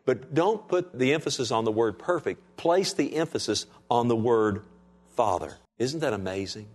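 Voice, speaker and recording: A male pastor preaching a sermon to his congregation. He asks them "Amen?" and swings between raised, emphatic lines and hushed, soft ones. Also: mid-range voice, animated, normal speed. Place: church sanctuary.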